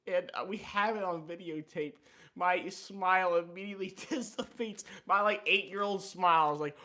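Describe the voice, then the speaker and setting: A man's voice: a little high, moderate pace, pushed and bright. A man hosting a casual livestream chat, telling stories in a playful, joking way. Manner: playful, jokey storytelling. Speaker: livestream host.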